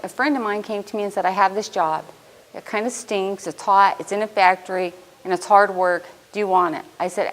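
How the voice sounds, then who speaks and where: A woman's voice: medium pitch, poor audio. A woman in her fifties, a student speaker at a graduation, telling her own story in an earnest, heartfelt prepared speech. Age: 50s.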